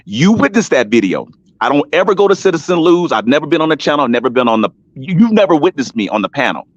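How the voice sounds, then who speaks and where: This panelist's voice sits fairly high and swings widely in pitch as he races through a long, emphatic story, restarting often and repeating names. The setting is a casual live-streamed panel show, recorded dry with a dull, lo-fi sound.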